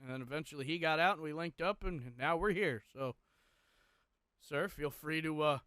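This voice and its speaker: Young man, podcast co-host, bright forceful voice, smooth and clear, swears a lot, dry close sound. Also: fairly high pitch, normal speed, no echo. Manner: profane, intense, emotional retelling. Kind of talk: personal storytelling, casual.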